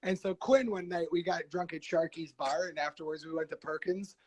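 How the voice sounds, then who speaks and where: A man talking as a podcast guest, telling stories in a rambling, animated way, with frequent restarts and laughter. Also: on the high side, brisk, low-quality recording. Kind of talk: casual storytelling.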